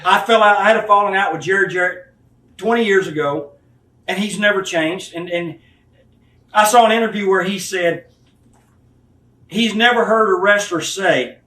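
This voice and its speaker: A man's voice: high-pitched, normal speed, bright, forceful tone. A man in his fifties, a retired wrestler giving a candid interview, blunt and profane, acting out the people he talks about. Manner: blunt, profane storytelling, acts out quoted people. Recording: echoey room, mic at a distance, faint hiss.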